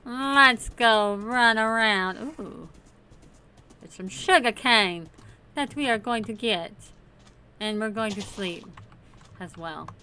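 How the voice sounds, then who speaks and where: A woman's voice: mid-range voice, slow, pauses often, pushed and bright. A woman host casually commenting on her Minecraft play, chatty and playful, talking to the game's characters. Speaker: gaming channel host.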